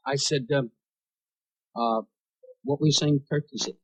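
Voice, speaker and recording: A man's voice: medium pitch, unhurried, pauses often, breathy edge, no room sound, low-quality recording. A man at a comedy roast telling a rambling anecdote from an old television broadcast. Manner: rambling anecdote with bursts of shouted punchlines. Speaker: roast speaker. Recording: vintage television broadcast audio.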